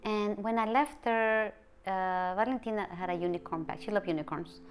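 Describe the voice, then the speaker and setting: A woman's voice: medium pitch, slight background noise. Emotional woman. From Mexico City. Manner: halting, emotional retelling with many restarts. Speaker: interviewee. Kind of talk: personal interview.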